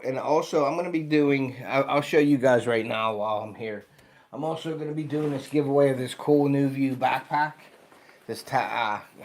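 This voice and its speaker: A man's voice: medium pitch, a little hiss or hum. An American man in his fifties, hosting a casual livestream for his outdoor channel. He sounds tired and yawns now and then, and he chats loosely while greeting viewers by name. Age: 50s. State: tired, yawning.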